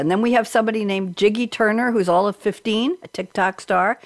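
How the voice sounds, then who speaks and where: Talk show host, woman, mid-pitched, playful banter, dry close mic. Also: brisk, no room sound. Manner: chatty, jokey, reads lists of holidays.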